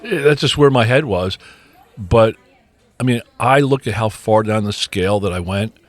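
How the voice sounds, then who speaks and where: Middle-aged male co-host, low-ish voice, loose rambling chat with restarts, dead-dry studio mic. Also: moderate pace, no echo. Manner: rambling, repeats words, frequent ums. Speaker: podcast co-host. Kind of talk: casual recovery podcast chat. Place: podcast studio.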